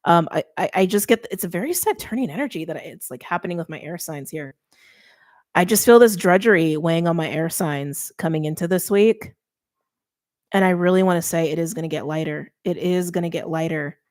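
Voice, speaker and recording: Woman, young adult, tarot reader, casual, emphatic, slightly low voice. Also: a little fast, darkish tone. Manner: chatty, emphatic, self-interrupting.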